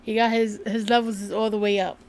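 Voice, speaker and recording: A woman's voice: medium pitch, level tone, brisk, a crowd in the background. Laughing, loose-talking woman host. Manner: laughs often, loose and profane. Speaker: livestream co-host. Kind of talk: casual live-stream chat.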